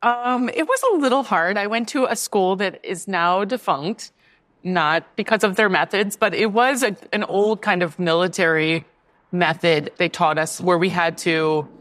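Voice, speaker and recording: A woman's voice: lowish voice, normal speed, fairly bright tone. A woman who is a baker and guest, explaining things in an easygoing, conversational way. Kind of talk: casual interview conversation.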